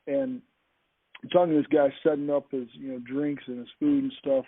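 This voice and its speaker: Very animated and a little fast, a man with a high-leaning voice, vocal fry and a breathy edge tells an enthusiastic anecdote, often restarting his sentences. This podcast speaker comes through a call line, and the dry recording is tinny and phone-like.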